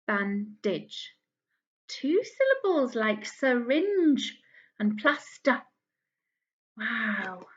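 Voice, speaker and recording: A fairly high-voiced woman leads young children through a phonics lesson. She speaks very slowly and stretches each word out, using a gentle, encouraging sing-song tone. The recording is a bit dull and lo-fi. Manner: slow, drawn-out enunciation of each word. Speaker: early years teacher.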